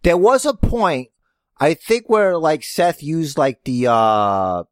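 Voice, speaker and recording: A man's voice: on the high side, takes it slowly, no room sound, studio quality. A man co-hosting a wrestling podcast in casual chat, joking and swearing freely. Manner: joking, profane, animated. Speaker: podcast co-host.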